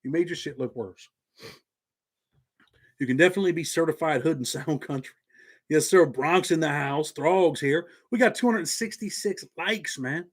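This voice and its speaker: A man's voice: on the high side, moderate pace. A man with a Southern accent hosting a live stream from his home office, talking in laid-back street slang. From Indiana. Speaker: channel host.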